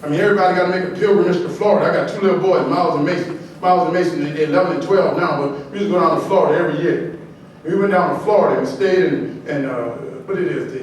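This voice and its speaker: A man's voice: high voice, fast talker. A middle-aged man giving a motivational speech from a podium, telling funny stories with a preacher-like, building cadence and lots of repetition. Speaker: motivational speaker. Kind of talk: motivational speech with humorous storytelling. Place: large hall at a podium. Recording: echoey hall, voice from far off, faint noise.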